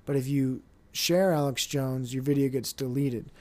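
Young guy ranting on his podcast, swears a lot, rambles, middle pitch. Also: fairly even intonation, normal speed, darkish tone. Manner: profane, rambling, mocking voices. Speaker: podcast host. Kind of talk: casual solo podcast rant.

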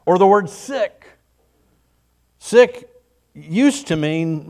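A middle-aged man preaches a morning sermon with a folksy, conversational delivery. His voice sits slightly higher than most men's, and he slips into short acted-out quotes as he talks. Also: lively intonation, drawn-out words, pauses often, darkish tone. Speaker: pastor.

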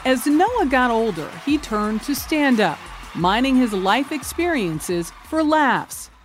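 A woman correspondent narrating a news feature in a measured, polished reporter delivery. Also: sits high, big pitch swings, soft background music.

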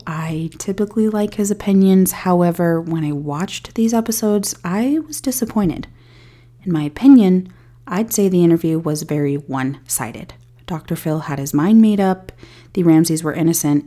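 A woman hosting a podcast, reading a scripted true-crime narration in a measured way with candid personal asides. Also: lowish voice, mellow. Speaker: podcast host.

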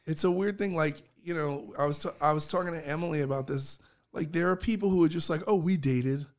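A man's voice: a little high, quick pace. A man hosting a podcast, telling rambling stories in a casual, profane way. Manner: profane, rambling, animated storytelling. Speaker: podcast host. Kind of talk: casual chat.

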